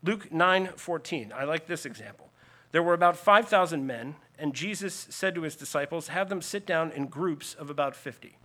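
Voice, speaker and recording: A man's voice: a little high, lively intonation, moderate pace, pushed and bright. A man preaching a teaching sermon in a slightly raised voice. He explains scripture earnestly, leaning into emphatic lists. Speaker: pastor.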